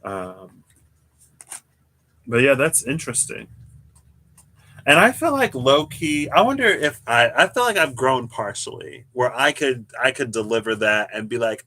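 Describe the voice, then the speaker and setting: A man giving a casual livestream tarot reading, thinking aloud in a rambling way with restarts and soft chuckles. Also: medium pitch, very animated, measured pace. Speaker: tarot reader.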